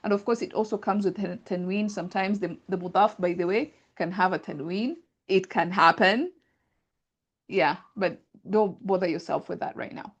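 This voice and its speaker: A woman's voice: mid-range voice, moderate pace, muffled recording. A woman teaching Arabic grammar in an online class, explaining patiently step by step with examples over a video call.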